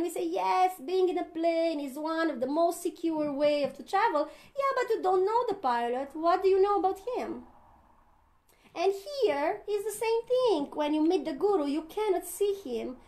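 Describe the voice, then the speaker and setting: A woman's voice: high-pitched, a little mellow. A woman, a spiritual teacher, giving an earnest satsang talk, often laughing and acting out inner voices.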